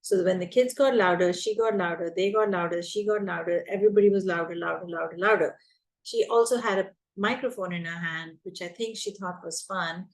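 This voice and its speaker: A woman's voice: on the low side, brisk, poor audio. Emphatic woman coaching teachers. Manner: emphatic, repeats key points. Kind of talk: advice talk to teachers.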